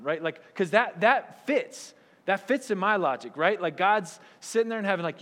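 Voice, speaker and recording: A pastor gives a casual sermon, checking in with the crowd by asking "right?" again and again and slipping into little acted voices. His voice sits a touch high for a man. It rings out with a long hall reverb. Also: expressive, moderate pace, fairly bright tone. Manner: chatty, keeps asking "right?", acts out quoted voices. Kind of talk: conversational sermon.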